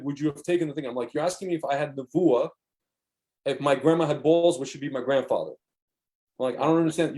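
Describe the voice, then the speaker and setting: A middle-aged man with a somewhat high voice chats casually on a podcast. He tells stories in a rambling, animated way and keeps restarting his sentences. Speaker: podcast co-host. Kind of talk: casual chat.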